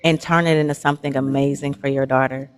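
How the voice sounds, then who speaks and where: A woman's voice: rumbling low, steady tone, fast talker, clean tone. A woman hosting a casual, heartfelt chat, affirming her guest and laughing often, with speech. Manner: warm, affirming, laughs often, Southern Black American vernacular. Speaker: host.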